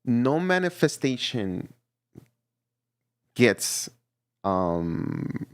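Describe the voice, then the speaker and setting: Gravelly low-voiced man reading tarot. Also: measured pace, no room sound. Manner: animated, laughing, acts out little voices; teasing, playfully scolding. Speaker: tarot reader. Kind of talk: casual tarot reading to camera.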